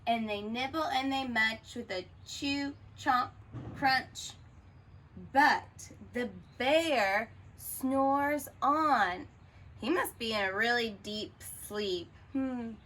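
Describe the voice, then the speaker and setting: A woman teacher reads a picture book aloud to children. Her slow, expressive delivery pauses for questions, and her voice has a slightly high, bright tone. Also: a little hiss or hum, poor audio. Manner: expressive, asks the listener questions.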